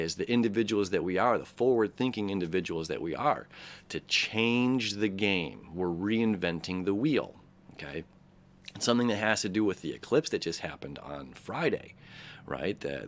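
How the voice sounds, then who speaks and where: A man hosting an astrology talk, loose and conversational, full of fillers and restarts, often checking in with "right?" and "okay?". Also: low-pitched. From Detroit, Michigan area. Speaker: astrology channel host. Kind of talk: casual rambling commentary.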